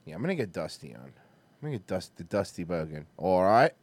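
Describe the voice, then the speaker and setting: A man hosting a stream, chatting in a rambling, animated way and swearing casually. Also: low voice, quick pace, slightly rough, no echo. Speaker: streamer host.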